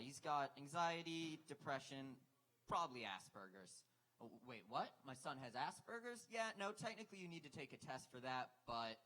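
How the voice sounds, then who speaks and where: A young man doing a live stand-up set on a club stage, deadpan and self-deprecating. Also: medium pitch, low-quality recording. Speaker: stand-up comic.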